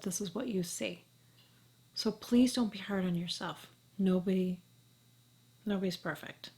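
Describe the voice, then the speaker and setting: A woman's voice: mid-range voice, a little mellow. A woman in her forties, a beauty vlogger talking casually to camera in a chatty, reassuring way, sometimes dropping to a whisper. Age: 40s.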